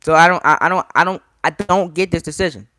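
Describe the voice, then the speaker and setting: A man's voice: a little high, fast talker, pushed and bright, no room sound. A man reviewing a wrestling show in a casual, exasperated rant, repeating himself and talking straight to his viewers. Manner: exasperated, repetitive, talks to viewers directly.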